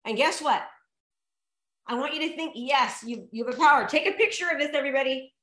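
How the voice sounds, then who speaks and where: A woman's voice: high voice, a little fast, fairly bright tone. A woman giving a motivational talk to a live audience, emphatic and repetitive as she coaxes the crowd. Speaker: motivational speaker. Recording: echoey room.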